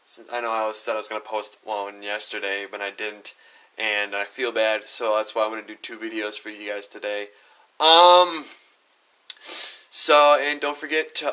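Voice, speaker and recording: Bright-voiced chatty young man storytelling. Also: lowish voice, clear, resonant tone. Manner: chatty and rambling, with many asides. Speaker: YouTuber. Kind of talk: casual storytelling vlog.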